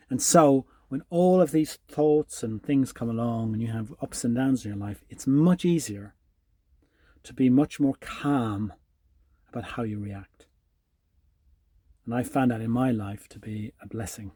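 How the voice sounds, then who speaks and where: A man hosting his own channel, talking calmly and reflectively to the camera, often restarting his sentences. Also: mid-range voice, measured pace, slightly rough, no echo. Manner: calm, musing, with frequent restarts. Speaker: channel host. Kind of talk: reflective solo talk to camera.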